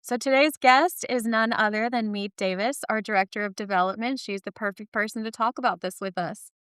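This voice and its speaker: A woman's voice: on the high side, brisk, fairly bright tone, clean tone, no room sound, clean studio sound. A woman hosting a school podcast, upbeat and enthusiastic. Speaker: podcast co-host, school marketing director.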